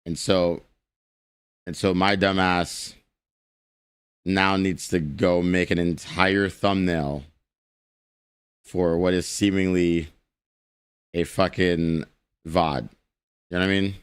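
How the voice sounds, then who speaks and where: A man's voice: low voice, fairly even intonation, slow pace, pauses often, smooth, no echo. A young man live streaming, chatting casually with his chat, rambling, joking and swearing freely.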